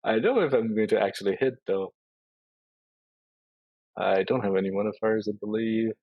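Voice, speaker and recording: A man playing in a tabletop game, lively, asking rules questions and laughing easily. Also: on the low side, moderate pace, dry recording, lo-fi sound. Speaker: player. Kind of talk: casual chat at a tabletop game.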